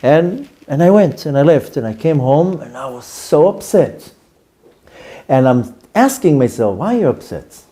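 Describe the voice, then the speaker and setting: A man, a rabbi telling a lively story to his class and acting out his own reactions. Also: a little high, measured pace. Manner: animated, acts out his own reactions in quotes.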